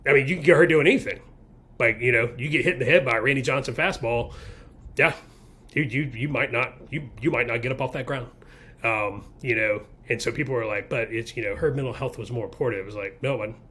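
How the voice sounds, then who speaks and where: A man's voice: mid-range voice, brisk, bright, forceful tone, husky. Blunt, rambling man podcasting. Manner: rambling, blunt, heavy filler words. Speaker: podcast co-host. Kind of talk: casual opinionated chat.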